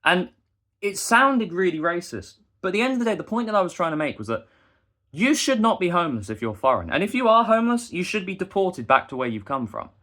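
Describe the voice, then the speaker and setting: A man's voice: high voice, big pitch swings, a little fast, fairly bright tone. A young man, delivering a heated, indignant rant straight to the camera. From England. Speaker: busker and vlogger. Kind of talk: ranting monologue to camera.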